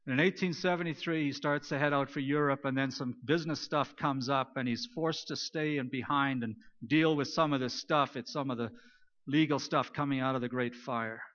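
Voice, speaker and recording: A pastor preaching a sermon, retelling stories and moving between loud emphasis and soft, hushed lines. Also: male voice, mid-range voice, fairly even intonation, normal speed. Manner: storytelling, swings between loud emphasis and near-whispered quiet. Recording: dull lo-fi recording.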